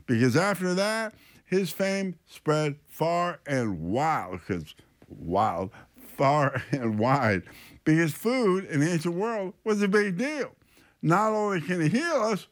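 Animated priest teaching on radio. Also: male voice, fairly high pitch. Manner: animated storytelling, thinks aloud. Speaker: priest and radio show host.

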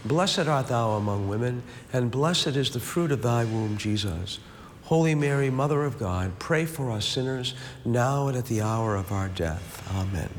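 Male prayer leader, measured rosary recitation, reverberant room, light background noise. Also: medium pitch. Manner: steady rhythmic recitation, falling on each amen; slow reflective speaking in the meditation. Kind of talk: leading a recited rosary with a meditation. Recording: long reverb, faint background hiss.

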